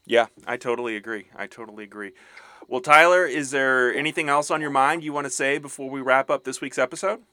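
Bright-voiced man hosting a podcast. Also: medium pitch, a little fast, no echo. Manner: brief agreeing replies. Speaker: podcast host. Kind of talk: casual chat.

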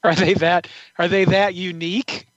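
A man's voice: high voice, little pitch movement, moderate pace, fairly bright tone, dry recording, dull audio. A man co-hosting a podcast, chatting casually with dry, teasing humor. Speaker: podcast co-host. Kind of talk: casual chat.

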